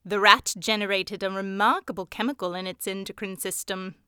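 A woman voicing a calm, precise Victorian male detective who speaks in a measured, lecturing way. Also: medium pitch, clear, resonant tone, no echo, clean studio sound, lightly acted. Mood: explaining. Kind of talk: audiobook character voice.

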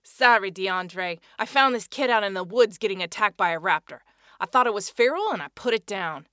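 A woman voicing a menacing grown man who defends himself loudly and insistently. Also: mid-range voice, lively intonation, normal speed, no echo, studio quality, close to an everyday voice. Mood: defensive. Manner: loud, pleading, defensive.

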